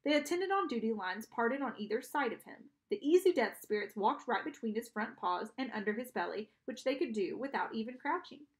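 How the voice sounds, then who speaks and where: A woman narrates a storybook aloud, giving each character a voice of their own. Her voice sits a little high with a gravelly edge. She sometimes trips over a word and restarts it. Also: lively intonation, brisk, few pauses. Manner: reads with small restarts and self-corrections. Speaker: audiobook reader.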